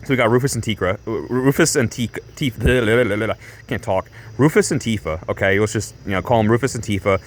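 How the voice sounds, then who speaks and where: A man vlogging, telling a story casually in a rambling way, full of fillers and restarts, animated and breaking into laughs. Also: fairly low pitch, fast, hardly any pauses.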